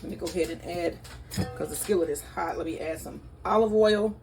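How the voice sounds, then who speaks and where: A woman's voice: on the low side, a little fast, vocal fry, music in the background. A woman hosting her own cooking vlog from a home kitchen. She talks chattily, gasps with delight and keeps tasting as she goes. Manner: chatty, excitable, gasping with delight, often tasting while talking. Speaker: cooking channel host.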